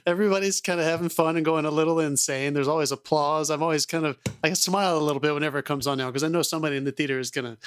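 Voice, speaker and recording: Man, podcast co-host, profane joking banter, slightly raised pitch. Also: fairly even intonation, rapid-fire, few pauses, a bit bright, slight background noise. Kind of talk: casual film discussion.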